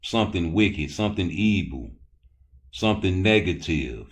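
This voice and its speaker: A man's voice: sits low, animated, unhurried. A man hosting a live boxing talk stream, rambling loosely and cursing as he answers his chat. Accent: Baltimore. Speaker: boxing talk show host.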